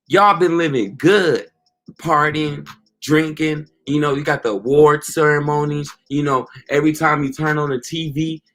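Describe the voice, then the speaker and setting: Slangy man preaching, a bit high. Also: fairly bright tone. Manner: casual slang, repeats "you know" and "okay". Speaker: street preacher. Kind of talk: informal preaching monologue.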